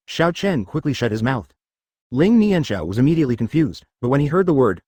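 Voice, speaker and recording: A man narrating a web novel in an even, matter-of-fact way. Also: medium pitch, fast, no echo, clean studio sound. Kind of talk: web novel read-aloud.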